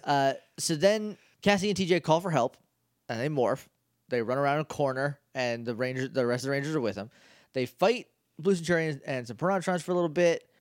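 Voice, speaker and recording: A man's voice: fairly high pitch, fairly quick, dry recording, studio quality. A man co-hosting a podcast, recapping an episode in casual chat and rambling, slipping into funny voices for the characters. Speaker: podcast co-host.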